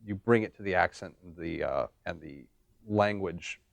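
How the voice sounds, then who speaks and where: A man's voice: sits low, moderate pace, gravelly, no room sound. A man, a voice director, talking eagerly and emphatically in a casual interview.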